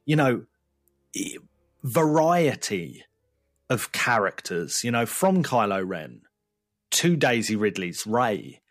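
Lively, husky man chatting. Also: medium pitch, slow, long pauses, dry recording, clean studio sound, faint music behind. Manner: animated, impassioned opinions. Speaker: podcast co-host. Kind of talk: casual chat.

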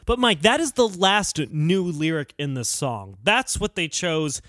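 A man co-hosting a casual comedy music podcast, joking and talking in quick animated bursts. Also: a little high, no echo, clean studio sound. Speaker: podcast co-host.

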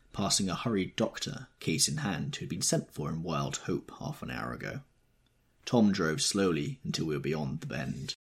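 Male narrator for literary audiobook; low, husky, expressive, animated phrasing.

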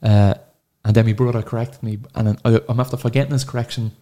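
A man in his thirties with an Irish accent, a podcast guest telling an emotional personal story, halting and sorrowful, swearing freely. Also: mid-range voice, steady tone, dark tone. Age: 30s.

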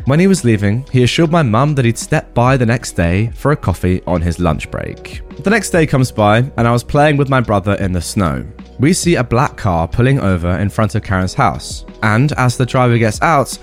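Casting note: expressive male narrator, lively pitch, faint music underneath. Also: normal speed, few pauses. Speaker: storyteller. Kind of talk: reading a story, then casual commentary.

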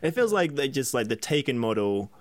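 A man co-hosting a podcast, in quick, joking casual comedy chat. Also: medium pitch, very animated, no echo. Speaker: podcast co-host.

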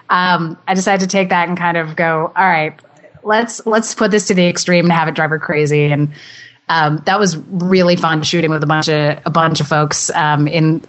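A woman, a guest actress, chatting cheerfully in an interview and babbling on in a bubbly, self-mocking way. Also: sits low. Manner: cheerful, babbling, quick to laugh. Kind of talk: casual interview chat.

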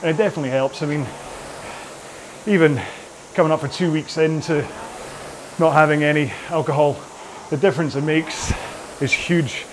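A man's voice: on the high side, steady tone, normal speed, background noise. A man coaching an indoor rowing workout while rowing, chatty and rambling, often mocking himself.

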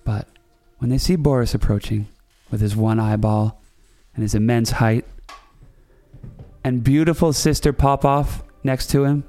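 A man's voice: medium pitch, fairly even intonation, unhurried, warm tone, faint music behind. A man hosting a comedy podcast, telling a rambling story in a playful way and correcting himself as he goes. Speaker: podcast host. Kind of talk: comic storytelling.

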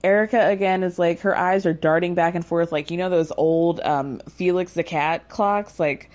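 Brief: woman host, casual recap, sarcastic and blunt, voice jumps high when incredulous. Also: normal speed, few pauses. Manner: sarcastic, blunt, swears freely; animated, rising to incredulous highs.

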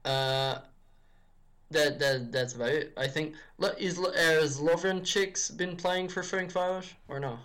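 In a fairly bright voice on the high side, a man guests on a football podcast and speaks unhurriedly. His casual football talk wanders, full of restarts and fillers like "if you will."

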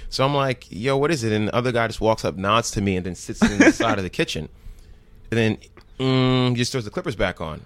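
Brisk and mid-range, with no echo, a New Jersey man appears as a podcast guest in a casual storytelling chat. He gets animated acting out what the people in his stories said.

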